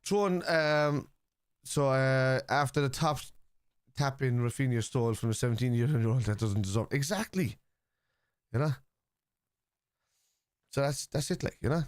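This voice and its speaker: An Irish man talks loosely and bluntly on a live stream, tossing out strong opinions and swearing freely. His voice sits at an ordinary middle pitch. The sound is close and dry, with hardly any room around it. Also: measured pace, long pauses, no echo. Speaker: livestream host reacting to a football match. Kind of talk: casual live watchalong chat, reading out viewer messages.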